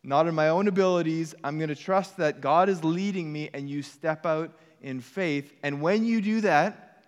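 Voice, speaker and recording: The sermon comes from a male pastor whose fairly high voice rings out with a long reverb tail. His tone is earnest yet conversational, with casual asides directed at the congregation.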